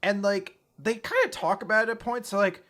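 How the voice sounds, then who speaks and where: Excitable, high-voiced man. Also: fairly quick. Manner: excitable, sarcastic, swears, raises his voice to make a point. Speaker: co-host. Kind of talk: casual chat.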